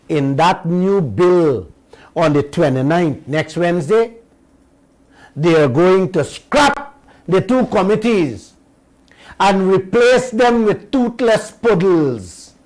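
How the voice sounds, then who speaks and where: This is a middle-aged man with a Guyanese accent hosting talk radio. His voice sits high for a man, and he speaks in slow, drawn-out phrases. He leans hard on key words in a folksy, emphatic way and keeps addressing listeners as uncle and auntie. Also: darkish tone, poor audio. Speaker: radio show host.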